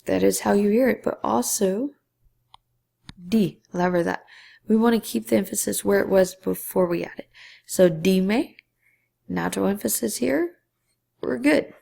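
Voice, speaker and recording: A woman gives a patient Spanish grammar lesson, walking through each rule step by step and slipping into a whisper on key syllables. Her voice is deeply gravelly and dark-toned, and she takes her time. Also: unhurried, long pauses. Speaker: Spanish teacher.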